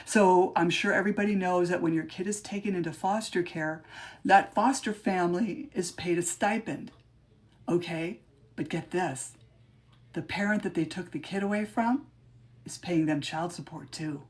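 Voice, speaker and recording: A woman podcast host on a livestream, reading her own rhyming poems with emphatic rises and chatting between them in a halting, informal way. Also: lowish voice.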